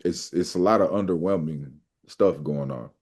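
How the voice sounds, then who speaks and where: A man's voice: deep voice, normal speed, a little mellow, breathy edge. A man co-hosting a wrestling review podcast, talking casually and a little hesitantly, with lots of fillers. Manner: laid-back, hesitant, many fillers. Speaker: podcast co-host.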